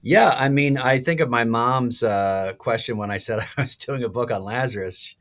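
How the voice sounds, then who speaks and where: A priest in his sixties, a podcast guest, telling stories in a lively way with many fillers and restarts. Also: mid-range voice, normal speed. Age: 60s. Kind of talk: casual podcast interview.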